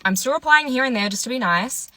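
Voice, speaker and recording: Bright, dry-voiced young woman telling a storytime. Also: high voice, animated, fast talker, dry recording. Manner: chatty, candid, fillers like "like". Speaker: vlogger.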